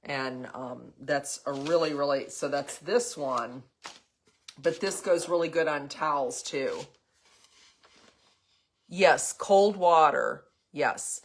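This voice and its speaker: A low-voiced older woman talks slowly but animatedly while hosting a casual craft demo live. She rambles and chats with her viewers, answering their comments as she goes, with plenty of ums and a cough here and there.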